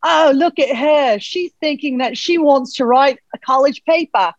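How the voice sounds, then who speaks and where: A woman's voice: high voice, normal speed, lo-fi sound, pitched above the performer's own voice, close to an everyday voice. A woman putting on an Australian accent as an exuberant male wildlife showman who gushes over animals. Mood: gushing. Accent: Australian, put on. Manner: enthusiastic, gushing over animals.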